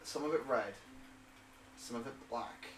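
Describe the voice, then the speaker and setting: A man's voice: medium pitch, unhurried, fairly bright tone, soft background music. A man narrating a tabletop game as game master, rambling with many fillers and hesitations. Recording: roomy and distant.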